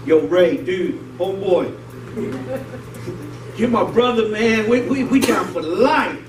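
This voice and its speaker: A male preacher voicing a relaxed male savior figure who talks in easygoing street slang. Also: sits high, slow, over music, pitched below the performer's own voice. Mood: laid-back. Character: laid-back male savior talking like a homeboy. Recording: roomy hall, distant mic, noisy.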